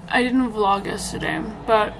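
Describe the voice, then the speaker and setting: A woman's voice: mid-range voice, expressive, a little slow, gravelly, noisy background. A woman in her twenties talking casually to camera in a vlog, chatty and giggly, with easy swearing. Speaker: vlogger.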